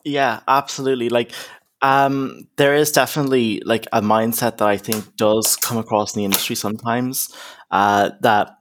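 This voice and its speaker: A man's voice: medium pitch, steady tone, moderate pace, fairly bright tone, a little hiss or hum. A young man, a counsellor, talking casually in an interview, emphatic, with lots of "you know" and "okay?". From Ireland. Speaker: counsellor, podcast guest.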